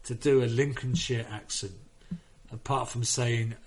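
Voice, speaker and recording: A man's voice: medium pitch, steady tone, measured pace, husky. A man on a gaming podcast chatting casually, telling rambling, sweary stories full of restarts. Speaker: podcast panelist. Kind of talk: casual chat.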